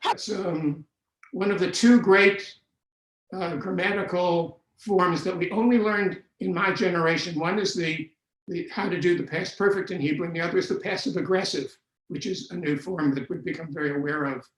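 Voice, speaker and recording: A man's voice: high-pitched, steady tone, moderate pace, a bit bright, a little hiss or hum. An older man lecturing on scripture in an explanatory way, slipping in dry jokes. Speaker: Bible scholar lecturer. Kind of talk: online lecture. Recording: roomy echo.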